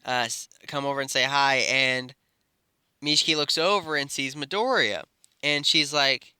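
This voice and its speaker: A man's voice: mid-range voice, moderate pace, bright, forceful tone, smooth, no echo, clean studio sound. A man improvising a fan story aloud, rambling with fillers and self-corrections.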